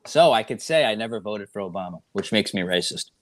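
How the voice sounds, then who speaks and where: A man's voice: on the low side, animated, a little fast. A man appearing as a podcast guest, chatting casually with wry, self-deprecating humor. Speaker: comedian guest.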